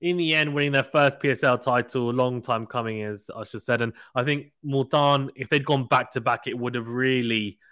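A man's voice: mid-range voice, fairly even intonation, normal speed, few pauses, bright, forceful tone, dry recording, clean studio sound. A man hosting a casual cricket podcast, chatty and teasing, laughing often. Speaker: podcast host.

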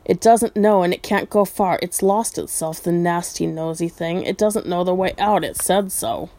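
A woman's voice: fairly low pitch, normal speed, warm tone, lightly acted. Gollum, a woman doing a hissing cave creature. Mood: muttering. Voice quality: hissing, talks to himself. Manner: whiny, broken grammar, repeats words. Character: wretched hissing old male cave creature, obsessive.

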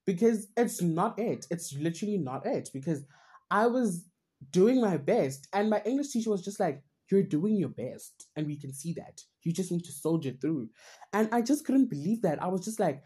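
A woman's voice: low-pitched, mellow, breathy edge. A young woman hosting a podcast, talking earnestly and at length about her own struggles in a rambling, self-searching way. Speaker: podcast host. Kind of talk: personal reflective monologue.

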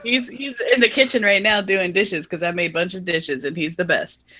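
A woman's voice: on the low side, steady tone, brisk, sharp tone. A woman co-hosting a podcast, chatty and self-mocking, telling a personal story with frequent laughs. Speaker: podcast co-host. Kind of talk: casual chat, storytelling.

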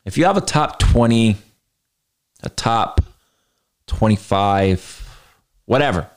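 A young man hosts a podcast in a casual, blunt, slang-filled way. His voice sits a little low, and he talks straight at his listeners, daring them to argue. His manner is animated and unbothered. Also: slow pace, clean tone. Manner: blunt and animated, slangy, mocks critics in a higher voice. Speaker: podcast host. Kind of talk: casual podcast ranking rant.

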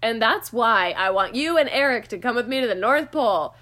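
A woman with a slightly high voice recaps a movie for her podcast co-hosts. She talks casually, with a wry edge and plenty of "like" fillers. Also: expressive, fairly quick, sharp tone. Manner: chatty, wry, lots of "like" fillers. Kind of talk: casual chat.

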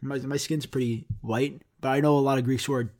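A podcast host goes on a casual, rambling rant, profane and self-mocking. His mid-range voice is fairly even in intonation, slightly fast, with a darkish tone.

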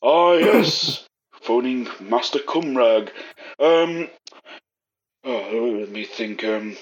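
A man's voice: medium pitch, animated, very slow, muffled recording. A man hosting a casual podcast quiz, reading out clues and teasing the players. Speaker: quiz host.

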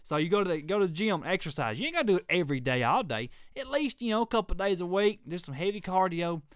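A man's voice: high voice, sing-song, fast talker, clean tone, dry recording, studio quality. A middle-aged man, hosting a faith podcast in an emphatic, preachy rant that repeats its points. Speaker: podcast host. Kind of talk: ranting faith podcast monologue.

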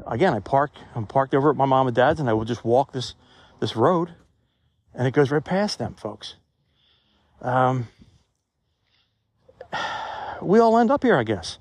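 A man's voice: medium pitch, animated, unhurried, long pauses, no echo. A man talking to his phone as he walks outdoors, musing in a rambling, conversational way in a reflective vlog. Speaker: vlogger. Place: outdoors in a cemetery. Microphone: phone held while walking.

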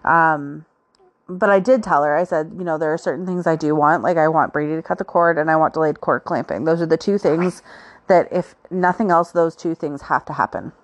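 Chatty woman with a low voice. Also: fairly even intonation, fairly quick. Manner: chatty, frequent "like" and "um" fillers. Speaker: podcast host. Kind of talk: casual personal storytelling.

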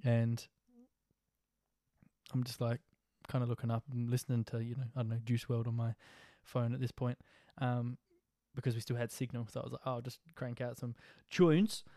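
A young Australian man casually telling an animated, slang-filled story about a flight, with jokey rhymes. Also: medium pitch, moderate pace, no echo, studio quality. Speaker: social media vlogger.

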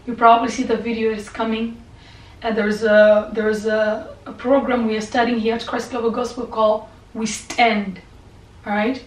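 A woman pastor preaching with passion, her voice somewhat high. She repeats herself as she presses her point, then sinks into soft, whispered prayer. The room is echoey and she is some distance from the mic, with a faint hum behind her. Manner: impassioned, repetitive, drops to soft whispered prayer. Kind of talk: sermon and prayer.

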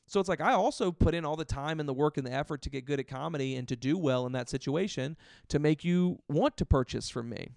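A man in his own voice as a comedian on a podcast, fired up as he retells a story and leaning on "like." His tone sits a little high with a gravelly edge, yet the core of the voice is smooth and resonant. The sound is dry and close. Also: quick pace, dry recording. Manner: animated, indignant retelling with filler "like". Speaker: stand-up comedian, podcast guest. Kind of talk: conversational storytelling.

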